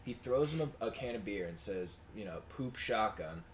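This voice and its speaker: A young man with a lowish voice tells a profane story on a casual podcast. He gets animated and jumps loud whenever he quotes someone. A faint hiss sits under the amateur recording. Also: a little fast. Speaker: podcast co-host.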